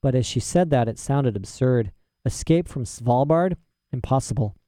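A man narrating a storybook in a steady, expressive reading. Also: medium pitch, normal speed, no echo, clean studio sound. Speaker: audiobook narrator.

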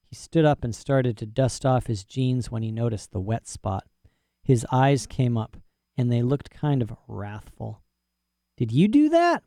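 A man's voice: medium pitch, creaky, dark tone, no echo, clean studio sound. A man narrating a story in first person with a folksy, boastful manner and rural dialect grammar. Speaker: audiobook narrator.

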